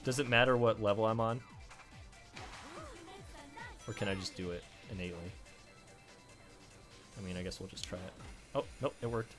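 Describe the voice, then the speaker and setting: A man with a fairly low voice streams a game and chats casually. He tells his stories in an animated way and keeps breaking into laughter. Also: normal speed, long pauses, over music. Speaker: streamer playing games. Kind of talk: casual chat while gaming.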